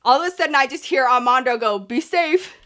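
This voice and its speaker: Chatty bright-voiced woman telling a story. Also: high-pitched, fast. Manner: chatty and animated, heavy "like" fillers, swears freely; acts out quoted voices in the story. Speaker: storytime vlogger. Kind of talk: casual storytelling to camera.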